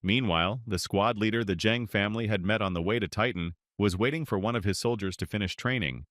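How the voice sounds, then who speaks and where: A man narrating a story recap in a steady, scripted storytelling style. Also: lowish voice, a little fast, hardly any pauses, no echo, clean studio sound.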